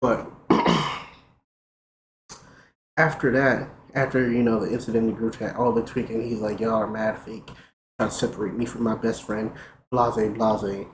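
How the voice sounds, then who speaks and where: A man's voice: lowish voice, moderate pace, pauses often. Profane young man telling a story. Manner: profane, animated retelling. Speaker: streamer. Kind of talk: casual storytelling. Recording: roomy with faint noise.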